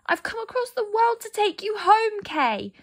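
A woman's voice: high-pitched, big pitch swings, normal speed, a bit bright, voice pushed up, exaggerated voice. A woman voicing a brave, loving young girl in a storybook reading, eager and heartfelt. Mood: tearful.

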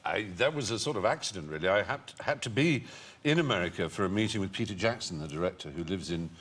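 A man's voice: low voice, animated, fast, a bit bright, slightly rough. A male talk show guest telling long, witty anecdotes full of playful asides. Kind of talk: anecdotal chat show storytelling. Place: TV studio with a live audience.

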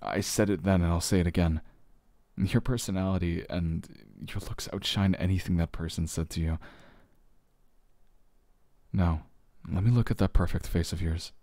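A man in a whispered role-play as a comforting boyfriend, speaking softly and gently, with hesitant fillers, quiet sighs and slow, soothing phrasing. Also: deep voice, steady tone, no echo. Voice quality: soft, gentle and reassuring, with sighs and quiet laughs.

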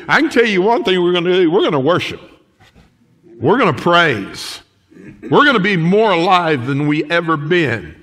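A man's voice: a little high, measured pace. A middle-aged man, preaching a folksy sermon as pastor of his church. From United States. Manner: lively, folksy preaching with laughs and quoted asides. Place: church sanctuary.

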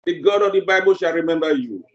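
A man's voice: a little high, expressive, fast, fairly bright tone. A male preacher delivering a sermon, emphatic and repeating phrases for effect. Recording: roomy, dull lo-fi sermon recording.

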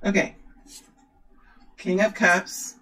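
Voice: medium pitch, very slow, poor audio. A tarot reader talking to viewers during a card reading, gushing and exclaiming. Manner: excitable, exclaims and gushes.

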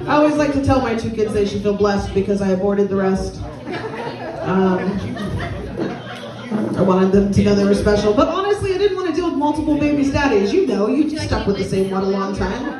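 A young woman performing a stand-up comedy set with crowd work, blunt and crude in a deadpan way. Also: mid-range voice, fairly quick. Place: small comedy venue with a live audience. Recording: echoey room, mic at a distance, audience laughter. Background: crowd laughing.

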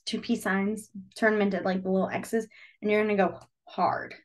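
A young woman teaching a beginners' sign language class, chatty and full of fillers, telling lively classroom stories. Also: medium pitch, moderate pace. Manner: chatty, filler-heavy, animated storytelling. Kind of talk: casual teaching with anecdotes.

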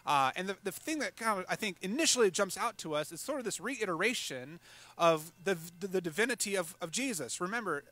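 A male pastor preaching a sermon in a conversational way, with fillers and quick asides. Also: high voice, sharp tone, dry recording.

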